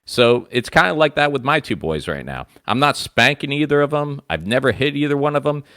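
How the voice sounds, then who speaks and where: A man in his thirties co-hosting a radio comedy show, telling family stories in a relaxed, conversational way. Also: mid-range voice, brisk, no room sound, clean studio sound. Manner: relaxed, conversational storyteller who voices his dad. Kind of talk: casual comedic chat. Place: radio studio.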